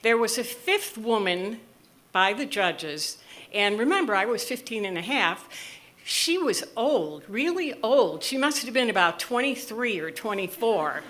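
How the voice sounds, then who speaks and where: A woman in her sixties from the US Midwest, telling a comic personal story with animated delivery and careful enunciation. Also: a little high, unhurried. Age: 60s. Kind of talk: live storytelling.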